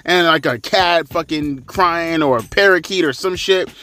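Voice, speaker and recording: Male, 30s, sarcastic foul-mouthed ranter, slightly high and sharp-edged delivery. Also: a little slow, slight background noise. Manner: profane, sarcastic, ranting. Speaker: wrestling commentator. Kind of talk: ranting commentary.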